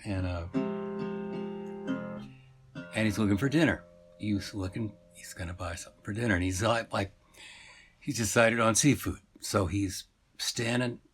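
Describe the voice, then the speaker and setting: A man's voice: on the low side, breathy edge. A man telling a story in a rambling, meandering way, full of fillers and asides.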